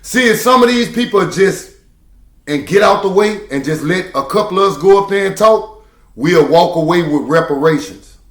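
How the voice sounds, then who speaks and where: A man's voice: high voice, expressive, moderate pace, a bit bright, reverberant. Emphatic man preaching to the camera. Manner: preachy, emphatic, repeats key phrases. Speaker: truck driver. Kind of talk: casual monologue to camera.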